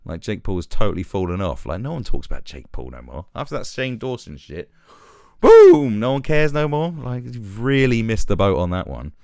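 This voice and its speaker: A man's voice: lowish voice, big pitch swings, a little fast, hardly any pauses, dry recording, clean studio sound. A British man hosting a live stream, ranting sarcastically and mocking in casual commentary.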